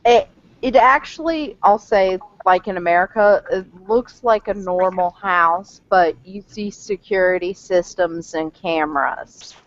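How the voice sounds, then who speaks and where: A woman's voice: medium pitch, a little slow, lo-fi sound. A woman player in a tabletop role-playing game, explaining things casually.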